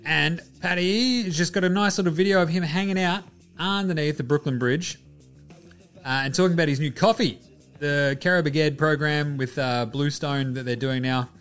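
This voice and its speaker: A man's voice: a little high, normal speed, a bit bright, smooth, soft background music. A man hosting a basketball show in casual solo commentary, loose and chatty, with the odd swear word. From Australia. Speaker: basketball podcast host.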